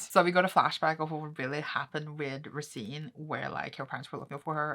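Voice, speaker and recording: Young woman, low voice, bright tone, casual manga recap vlog, rambling, filler-heavy. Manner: chatty, rambling, lots of "like". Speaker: manga reading vlogger.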